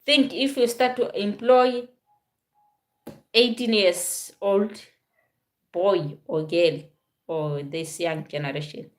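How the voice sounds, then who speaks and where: Woman in her forties, from southern Africa, casual vlog talk, halting and repetitive. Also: mid-range voice. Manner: halting, repeats and restarts phrases. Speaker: vlogger.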